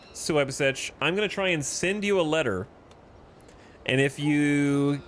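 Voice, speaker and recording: A man's voice: medium pitch, slight background noise. A man streaming a strategy game, reading its event text aloud and adding wry asides. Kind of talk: casual gameplay commentary.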